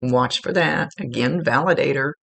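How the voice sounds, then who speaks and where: A woman psychic medium giving a casual, gently instructive reading, relaying messages with chatty asides. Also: a bass voice, normal speed, gravelly, husky. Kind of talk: casual spoken reading to a client.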